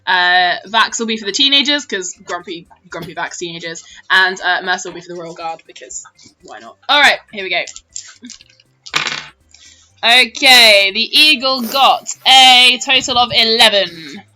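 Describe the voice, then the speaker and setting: Giggly bright-voiced woman running a game. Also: medium pitch, animated, moderate pace, a little hiss or hum. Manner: giggly, laughs often while narrating. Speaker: dungeon master. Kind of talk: narrating a tabletop game.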